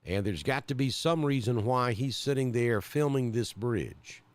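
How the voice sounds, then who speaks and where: A man's voice: mid-range voice, a little slow, no room sound. A man from central Alabama with a Southern accent, giving live storm coverage as a weather broadcaster and thinking aloud with many fillers.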